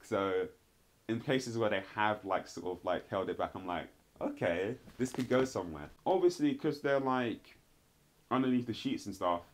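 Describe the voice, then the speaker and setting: A man's voice: fairly low pitch, a little hiss or hum. A man casually reviewing a TV episode, rambling and filling his talk with "like" and "sort of". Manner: rambling, heavy use of "like" and "sort of". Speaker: TV show reviewer.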